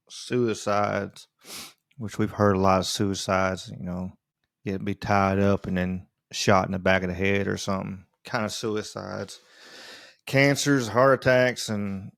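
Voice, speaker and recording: A man hosting a casual solo podcast, rambling and halting with lots of fillers and restarts. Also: fairly low pitch, vocal fry, dry recording, clean studio sound. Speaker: podcast host.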